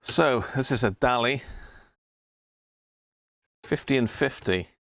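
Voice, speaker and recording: A man's voice: medium pitch, slow pace, creaky, fairly bright tone, no room sound. A man hosting a casual live repair stream, chatting and muttering to himself while he works at his bench. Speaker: electronics repair hobbyist host.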